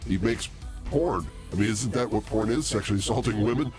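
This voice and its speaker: Very deep-voiced sick man, coughing. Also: brisk, darkish tone, faint music behind. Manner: laughs easily, joking. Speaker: podcast co-host. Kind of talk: casual chat.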